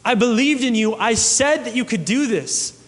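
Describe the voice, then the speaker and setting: A man's voice: extremely high pitch, expressive, normal speed, a bit bright, in a large hall, voice pushed up. A man voicing a disappointed master who reproaches a timid servant. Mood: reproachful.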